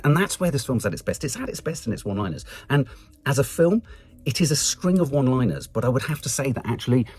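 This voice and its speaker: A man with an English accent giving a chatty, animated film review, swearing casually and jumping into high mock voices.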